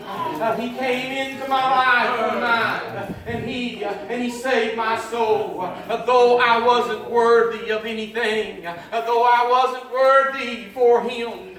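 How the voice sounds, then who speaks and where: High-voiced fervent preacher man, echoey church. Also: steady tone, slow, hardly any pauses, crowd noise. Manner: fervent, many "uh" fillers, breaks into a half-sung chant. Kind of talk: sermon. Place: church sanctuary. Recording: very echoey church, mic far off.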